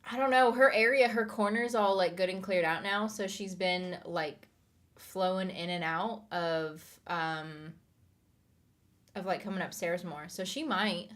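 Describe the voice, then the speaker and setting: A woman's voice: fairly low pitch, steady tone, a little slow, fairly bright tone. A woman streaming from her home office, chatting casually and answering her chat in a rambling way.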